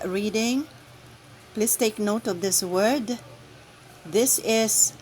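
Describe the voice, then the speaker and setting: A woman guiding church lectors through the Sunday readings, speaking in a slow, deliberate, carefully enunciated way. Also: mid-range voice, darkish tone, a little hiss or hum, poor audio. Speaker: lector trainer. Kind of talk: instructional reading guide.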